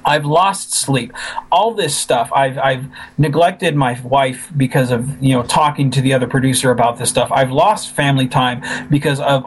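A man who makes fan films, talking in a casual chat, animated and frustrated, often repeating himself as he vents. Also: mid-range voice, normal speed, husky, poor audio. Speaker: fan filmmaker.

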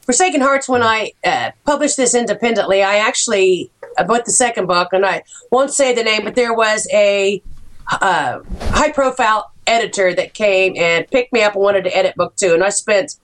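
A middle-aged American woman, an author, chatting casually and telling animated stories about her writing. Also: mid-range voice, moderate pace. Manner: animated storyteller, acts out quoted voices. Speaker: author guest. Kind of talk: casual chat.

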